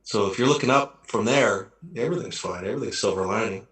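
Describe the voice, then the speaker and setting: A man's voice: fairly low pitch, quick pace, fairly bright tone. A man, an actor guest, talking in a casual chat, reflective and rambling, often restarting his sentences. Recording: echoey room.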